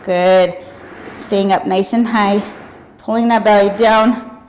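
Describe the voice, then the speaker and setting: A woman's voice: mid-range voice, slow, slight background noise, low-quality recording. A young woman leading a workout, counting down and cheering, out of breath at times. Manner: energetic cueing with counting and whoops. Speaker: fitness instructor. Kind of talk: workout instruction cues.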